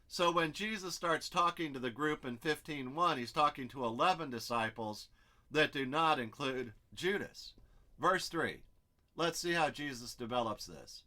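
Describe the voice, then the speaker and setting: A man's voice: fairly high pitch, animated, moderate pace, pushed and bright. A man teaching an expository Bible study, explaining step by step and thinking aloud as he works through the text.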